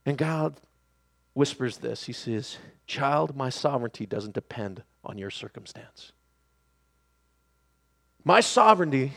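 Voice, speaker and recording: A man preaching a sermon who swings between hushed, quiet passages and loud, excited shouting. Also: fairly high pitch.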